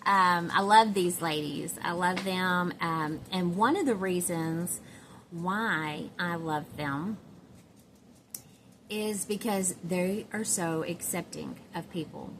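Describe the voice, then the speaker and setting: A woman's voice: fairly low pitch, slow pace, noisy background. A middle-aged woman with a Southern US accent, chatting casually to camera in a rambling, giggly way with lots of fillers. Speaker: doll collector vlogger.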